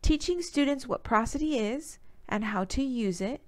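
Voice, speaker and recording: A young woman giving a student presentation, reading formal points and citations in a steady way. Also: fairly high pitch, moderate pace. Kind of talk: reading a prepared class presentation.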